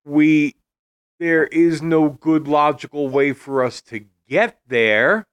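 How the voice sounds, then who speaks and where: A man's voice: on the high side, smooth, no echo, muffled recording. A man co-hosting a casual movie-review podcast, speaking hesitantly with some restarts. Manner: hesitant, measured, laughs along. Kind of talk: casual film review chat.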